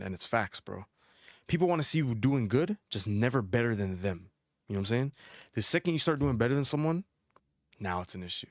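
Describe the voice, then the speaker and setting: A young man hosting a casual album reaction, chatty and animated, using slang and laughing often. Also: medium pitch, no room sound, studio quality. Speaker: music reaction host.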